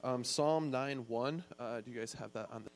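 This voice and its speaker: A man's voice: medium pitch, moderate pace, a little hiss or hum. A man leading a time of reflection in a church, speaking hesitantly with fillers. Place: church sanctuary.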